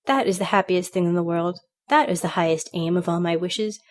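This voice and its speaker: A woman's voice: fairly low pitch, fairly quick, a little mellow, close to an everyday voice. A woman voicing a restless young divinity student who speaks with impassioned longing. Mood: yearning.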